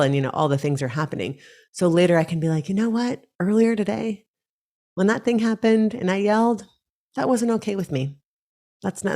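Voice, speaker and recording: A woman in her thirties speaking calmly and reflectively as a guest on a podcast interview. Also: low-pitched. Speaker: guest, breathwork teacher.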